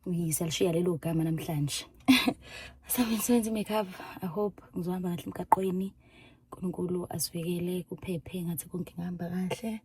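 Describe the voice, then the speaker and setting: An excitable young South African woman talks casually to her viewers, emotional and quick to laugh. She sits some way from the microphone, and the room around her rings with echo. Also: lowish voice. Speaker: vlogger. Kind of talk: casual vlog, switching between English and isiZulu. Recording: echoey room, far from the mic.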